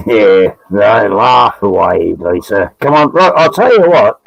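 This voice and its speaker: A man's voice: lowish voice, very animated, unhurried, vocal fry, no room sound, highs cut off. A man with an Australian accent, chatting as a guest on a live stream, rambling and joking with frequent laughs. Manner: rambling, jokey, laughs often. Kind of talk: casual live stream banter.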